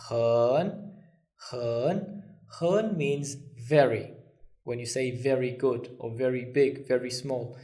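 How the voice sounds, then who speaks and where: A man with a dark, mid-range voice gives a step-by-step language lesson, patient and reassuring as he counts strokes aloud while writing.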